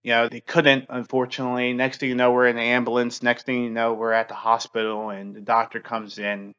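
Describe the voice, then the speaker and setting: Male podcast host, 30s, middle pitch, halting and earnest, dull lo-fi mic. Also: little pitch movement, fairly bright tone, clean tone. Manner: halting, heavy use of fillers; earnest, open. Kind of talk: personal storytelling.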